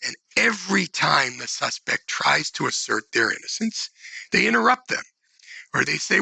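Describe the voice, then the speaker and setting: Gravelly guy, high lively voice, sharp sounding, explaining legal stuff. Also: moderate pace, dry recording, poor audio. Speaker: legal expert. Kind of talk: explanatory interview talk.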